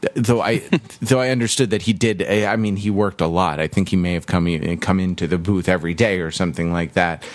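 A man co-hosting a casual chat, thinking aloud in halting phrases with frequent restarts. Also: deep voice, no echo.

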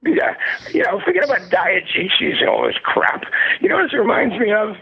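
A man's voice: sits high, very animated, brisk. A man calling in on a headset, talking in a sardonic, profane way and laughing often. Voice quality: raspy gravelly. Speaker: phone-in guest. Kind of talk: casual phone interview. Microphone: phone headset. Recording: muffled phone line.

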